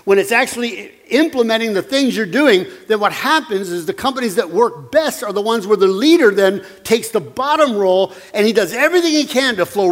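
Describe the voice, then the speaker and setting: A man's voice: high voice, fairly bright tone, big-room sound. A man preaching a sermon as pastor, earnest and conversational, with emphatic repetition.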